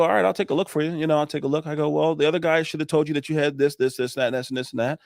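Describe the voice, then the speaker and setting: A man, a roofing contractor, telling animated stories on a podcast, acting out the dialogue and swearing now and then. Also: a little high, racing, gravelly, few pauses, no echo, studio quality. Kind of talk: casual storytelling on a podcast.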